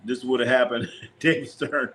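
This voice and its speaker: A man's voice: mid-range voice, steady tone, normal speed, a bit bright. Man, live watch-party streamer, loose joking play-by-play, repeats lines, chats with viewers. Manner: loose, joking, repeats himself, talks to chat. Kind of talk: casual live play-by-play and chat reactions.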